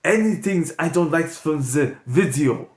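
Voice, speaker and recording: A man's voice: on the high side, expressive, measured pace. A man hosting an improv comedy stream, talking in a rambling, joking, loose way as he wraps up. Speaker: comedy channel host. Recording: echoey room, loud background noise.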